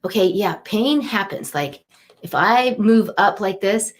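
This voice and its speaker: A woman's voice: medium pitch, animated, unhurried. A middle-aged woman giving an inspirational card reading on a webcam live stream, chatty and upbeat, speaking straight to her viewers. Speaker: angel card reader.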